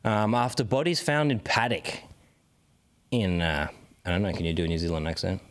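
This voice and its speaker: A man co-hosting a podcast, chatting casually and joking around. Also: moderate pace. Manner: joking, animated and swooping in pitch. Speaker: podcast co-host. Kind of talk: casual chat.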